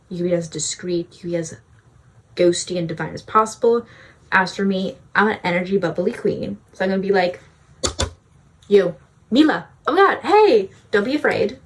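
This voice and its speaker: A young woman vlogging self-help advice in a casual, breezy way, often saying "like". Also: lowish voice. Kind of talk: self-help vlog talk.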